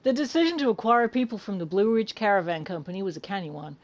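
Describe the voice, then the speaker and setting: Put-on American accent, British woman doing a stiff formal reading of a letter, mid pitch. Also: animated, quick pace, natural voice. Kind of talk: reading game text aloud in a put-on accent.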